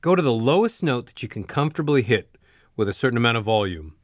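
A man coaching listeners through a voice lesson, speaking in a steady, instructive way at a middling pitch. He lays out each step plainly. His voice is close and dry, with no room sound. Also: no room sound. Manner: measured, instructive, gives step-by-step directions. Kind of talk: spoken voice lesson.

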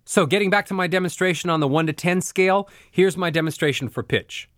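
A man teaching a spoken voice lesson, explaining clearly and giving step-by-step directions in a measured way. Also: high voice, fairly bright tone, no room sound, clean studio sound. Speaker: voice coach.

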